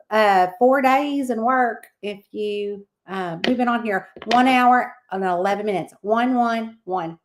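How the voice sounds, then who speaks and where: A woman's voice: a little high, unhurried, few pauses. A woman hosting a casual livestream, chatting and reading out viewer comments by name. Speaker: livestream host.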